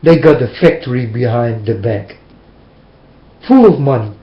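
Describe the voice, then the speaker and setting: This man's medium-pitched voice is animated and moves at a measured pace while he preaches at and reprimands his listeners. He uses emphatic, plain, somewhat non-standard language, captured in a roomy, dull lo-fi recording.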